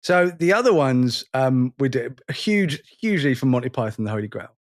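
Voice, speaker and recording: A man's voice: medium pitch, expressive. A man in his forties co-hosting a podcast, chatting casually and rambling with self-deprecating jokes. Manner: rambling, self-deprecating, quick to laugh and quote lines. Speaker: podcast co-host. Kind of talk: casual chat.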